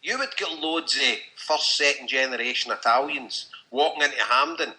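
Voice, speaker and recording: A man's voice: medium pitch, normal speed, pushed and bright, rough recording. A Scottish man on a podcast, talking bluntly and with strong opinions in casual chat. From Scotland. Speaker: podcast host. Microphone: podcast mic.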